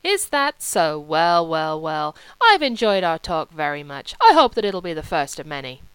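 A woman's voice: low voice, big pitch swings, moderate pace, clear, resonant tone, no room sound. A woman reading a novel, voicing a self-satisfied film-company man who drawls and repeats himself. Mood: drawling. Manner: drawling and repetitive.

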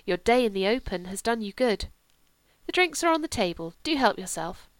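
A woman voicing a gracious aristocratic older lady with a gentle, sweetly ironic manner. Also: fairly high pitch, big pitch swings, normal speed, smooth, no room sound, voice pushed up, poor audio.

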